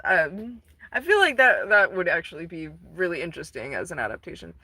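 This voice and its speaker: A woman's voice: fairly low pitch, fairly quick, husky, dry recording. A woman casually retelling a story to camera, rambling, swearing and full of fillers. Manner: rambling, profane, animated retelling. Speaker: vlogger.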